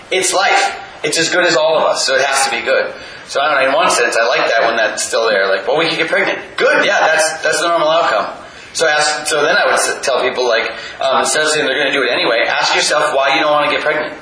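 A man's voice: fairly high pitch, a little fast, pushed and bright, recorded from a distance. Earnest man in an echoey hall. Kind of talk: personal storytelling in a talk.

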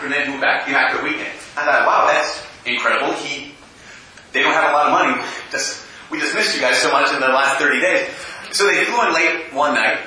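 A man giving a church talk, telling personal stories with humour, often laughing and adding quick asides. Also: mid-range voice, bright, forceful tone, a little hiss or hum. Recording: echoey room, from a distance.

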